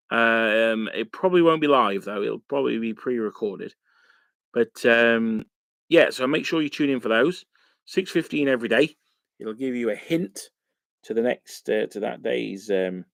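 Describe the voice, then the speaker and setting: A man talks through a casual live stream in a loose, rambling way, with lots of fillers. His voice has a gravelly, creaky edge. The sound is dry and close, with no room echo. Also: medium pitch. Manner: rambling and chatty, many fillers. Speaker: wargaming channel host. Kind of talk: casual live-stream chat while painting miniatures.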